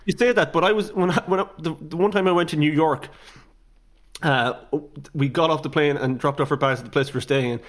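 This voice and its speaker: A man's voice: fairly high pitch, a little fast. An Irish man co-hosting a podcast, joking bluntly in casual chat. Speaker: podcast co-host.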